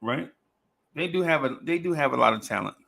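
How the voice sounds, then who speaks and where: A male podcast host chatting casually about basketball in a bright, gravelly voice that sits a little high. He talks in an animated way, circles back over his own phrases and laughs often. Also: a little fast. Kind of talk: casual sports podcast chat.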